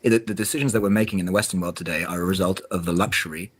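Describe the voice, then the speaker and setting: A man with a husky, slightly low voice talks fast in relaxed podcast chat. He restarts his sentences a lot and keeps checking in with "right?" as he goes. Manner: restarts often, tags statements with "right?". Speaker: podcast co-host. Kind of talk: casual conversational chat.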